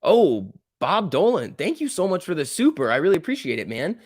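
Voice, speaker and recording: A man hosting a live stock trading stream, reacting excitedly to price moves and chatting casually with viewers. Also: fairly high pitch, fairly quick, no echo, clean studio sound. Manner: excitable, exclaiming at price moves, reading chat aloud. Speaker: stock trading livestream host.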